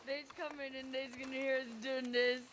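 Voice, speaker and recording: A woman's voice: sits high, little pitch movement, moderate pace, background noise. A woman chatting in character, teasing others in a slangy drawl. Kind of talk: casual in-character chat.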